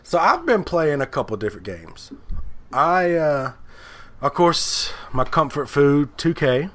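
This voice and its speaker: A man's voice: on the high side, sing-song, measured pace, fairly bright tone. Man with a cold telling a story. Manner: storytelling, acts out both sides of a phone call. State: has a cold, sore throat. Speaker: podcast co-host. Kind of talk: casual chat.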